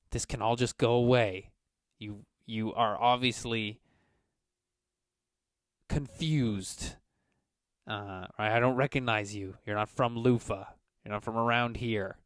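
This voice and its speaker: A man's voice: lowish voice, no echo, clean studio sound. A man doing a cocky, menacing merchant crime boss. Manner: blustering, menacing, smooth-talking.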